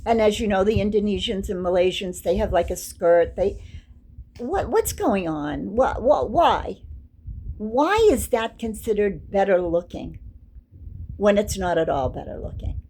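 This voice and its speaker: An older woman giving an informal, chatty lecture, quick to get excited. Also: mid-range voice, a little hiss or hum, poor audio. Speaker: teacher.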